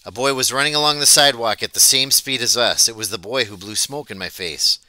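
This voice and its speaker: A man reading a novel aloud as an audiobook, telling it in a plain, steady way. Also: medium pitch, a little fast, no echo. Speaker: audiobook reader. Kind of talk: storybook read-aloud narration.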